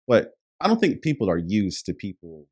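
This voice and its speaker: A man's voice: lowish voice, huge pitch swings, normal speed, breathy edge. A man telling a dating story as a podcast guest in casual chat, acting out what people said. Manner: storytelling, acts out quotes.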